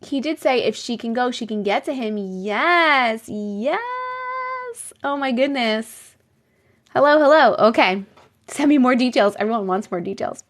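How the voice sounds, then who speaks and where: A woman with a New York accent talks casually to viewers on a live stream. Her voice sits a little high, and she reacts in animated bursts and exclamations. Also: measured pace. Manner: animated, exclaiming and laughing often. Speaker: live stream host reading viewer stories.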